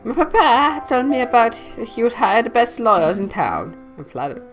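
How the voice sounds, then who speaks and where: A woman's voice: fairly high pitch, big pitch swings, moderate pace, soft background music, pitched above the performer's own voice. A woman voicing a gushing young noble lady. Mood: excited.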